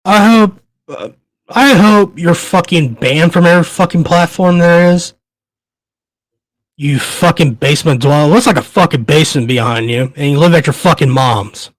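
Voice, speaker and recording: This man's voice sits on the high side and moves at normal speed, with no echo. Hosting his podcast, he rants heatedly and profanely, trembling with anger and tripping over repeated words.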